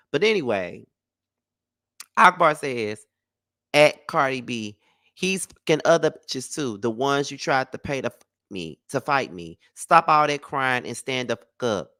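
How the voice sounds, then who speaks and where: A man's voice: mid-range voice, lively intonation, unhurried, sharp tone, dry recording, studio quality. A man giving casual celebrity gossip commentary in a blunt, profane and sassy way.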